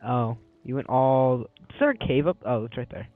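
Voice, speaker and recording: A man's voice: medium pitch, lively intonation, normal speed, phone-quality sound, faint music behind. A man swearing and trash-talking his friend in casual banter while playing a game together. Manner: swears a lot, playful trash talk. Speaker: let's play gamer.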